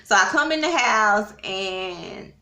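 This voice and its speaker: Chatty woman with a bright voice. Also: medium pitch, expressive, slow pace. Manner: chatty, addresses viewers, frequent fillers. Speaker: vlogger. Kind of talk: casual storytelling. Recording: roomy echo.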